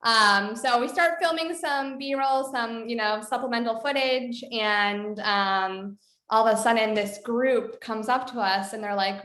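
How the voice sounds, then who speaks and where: A woman's voice: a little high, measured pace, a bit bright, echoey room. A woman film director telling a story in a casual interview, chatty, with many fillers. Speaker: documentary director.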